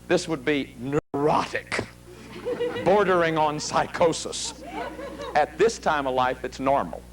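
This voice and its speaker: A man's voice: a little high, a little slow, a little hiss or hum. A middle-aged man giving a televised psychology lecture to a studio audience, telling stories and acting out quoted voices. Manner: animated, storytelling, acts out quoted voices.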